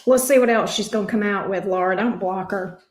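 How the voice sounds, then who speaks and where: A tarot reader with a mid-range voice talks fairly quickly while doing a live reading in an echoey room. She banters with viewers in an exclamatory, teasing way, swearing casually.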